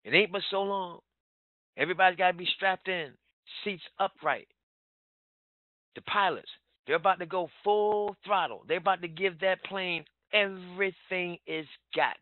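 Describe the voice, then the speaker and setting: Over a dry, tinny phone-quality connection, a high-voiced man delivers a motivational business training talk at a moderate pace. He's a sales trainer, urgent and emphatic.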